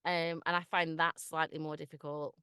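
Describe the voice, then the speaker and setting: A woman in her thirties with a Manchester accent talks casually and laughs a lot, dropping the odd swear word. Her voice sits a little low. The sound is dry and close. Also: level tone, normal speed, bright, forceful tone, clean tone, no echo. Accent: Mancunian. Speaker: guest voice actor. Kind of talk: casual podcast chat.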